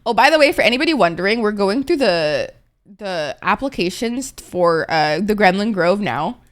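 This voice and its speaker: A woman's voice: mid-range voice, lively intonation, moderate pace. A young adult woman streaming, chatting casually with her viewers in a playful, rambling, profane way, often laughing.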